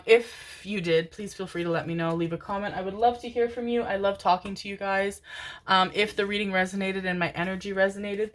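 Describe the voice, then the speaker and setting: A woman from Canada giving a pick-a-card tarot reading, rambling and enthusiastic, swearing freely and calling her viewers darlings. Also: lowish voice. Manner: rambling, swears a lot, laughs often, calls viewers darlings.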